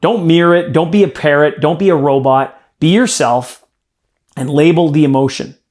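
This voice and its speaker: A man leads a live sales training session, speaking emphatically and turning straight to his group as he coaches. His voice sits slightly on the higher side for a man. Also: normal speed, a little mellow.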